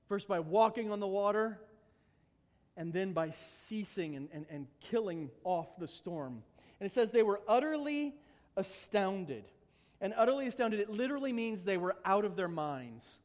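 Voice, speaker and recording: High-voiced preacher in a reverberant hall. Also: male voice. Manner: earnest, stumbling repetitions, humorous asides. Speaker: pastor. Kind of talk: sermon.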